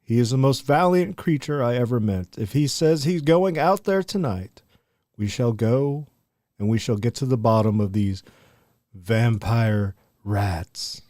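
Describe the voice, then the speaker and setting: A man's voice: medium pitch, a little slow, darkish tone, dry recording, studio quality, lightly acted. A man voicing a pompous adventurer who speaks in a grand, theatrical way. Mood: rousing.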